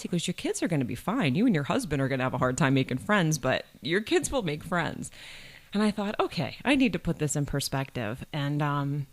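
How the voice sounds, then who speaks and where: Animated woman telling a personal story. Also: on the low side, brisk. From Middletown, New York. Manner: animated storyteller, acts out quoted voices. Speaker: college provost and interim co-president. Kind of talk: interview storytelling.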